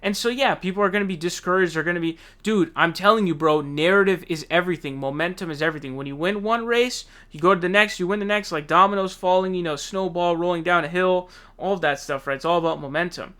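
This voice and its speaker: A man's voice: high voice, fast talker, few pauses, a bit bright, clean tone. A man hosting a political commentary show, ranting casually in a heated, profane, slangy way.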